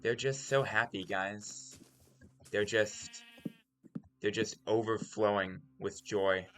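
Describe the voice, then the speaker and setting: A man hosting a game let's play, talking in a deliberately calm, soft-spoken and musing way. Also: fairly low pitch, soft background music. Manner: musing, introspective. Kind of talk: casual gameplay commentary.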